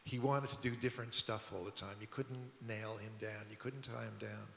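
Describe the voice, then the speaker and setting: An older man, a record producer and musician appearing as a guest, tells rambling anecdotes at a public talk in a museum auditorium, speaking conversationally with frequent restarts. His voice is on the low side with vocal fry and a sharp, steady tone at a moderate pace. The hall is echoey, with a little hiss or hum.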